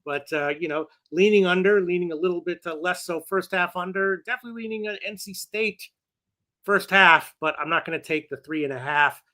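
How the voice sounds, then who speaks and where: Male co-host with a bright, slightly high voice who hedges his betting picks and stumbles on fillers. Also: fairly quick. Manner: hesitant, thinks aloud with many fillers. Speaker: sports betting show co-host. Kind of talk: casual sports betting talk.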